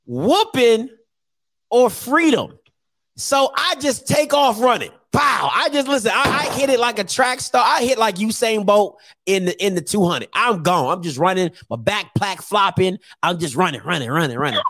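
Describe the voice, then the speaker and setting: A man telling a comic childhood story, animated and laughing, acting out the voices. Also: high-pitched, normal speed, hardly any pauses, no echo, clean studio sound.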